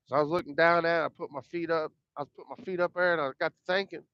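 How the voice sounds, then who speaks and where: A man's voice: medium pitch, fairly quick, fairly bright tone, no room sound. A man telling a personal story in a folksy, rambling, colloquial way, acting out the dialogue. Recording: dull lo-fi dry sound.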